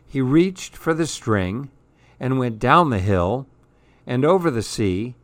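Keeping the rhythm of the verse, a man reads a rhyming children's story aloud at a slow, measured pace. His voice is expressive and mid-pitched, recorded dry and close without any echo or room sound.

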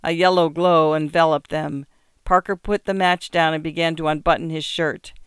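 A woman reading short stories aloud for radio, measured and expressive. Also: deep voice, clear, resonant tone, no echo, clean studio sound. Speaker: radio reader and host. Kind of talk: scripted narration of short stories.

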